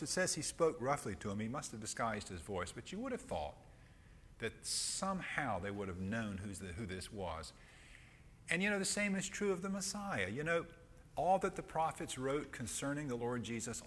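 Middle-aged male Bible teacher, animated delivery, long hall reverb. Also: mid-range voice. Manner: reads King James verses aloud, pauses to explain. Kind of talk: sermon with scripture reading.

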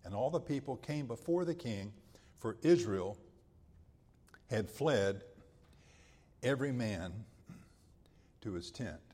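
Man preaching, reads scripture then explains it, draws his words out, gets loud then goes quiet, long echo like a big hall. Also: mid-range voice, lively intonation, breathy edge. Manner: swells loud then drops to a hush; emphatic, drawn-out phrases. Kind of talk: sermon with scripture reading.

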